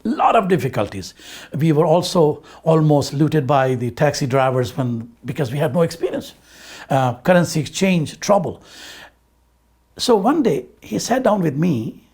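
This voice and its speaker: A husky-voiced man tells a personal story in an interview, with his pitch swinging lively up and down. He trades quoted lines back and forth as he goes, and he sounds a little emotional. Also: normal speed. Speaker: interviewee recalling a friend.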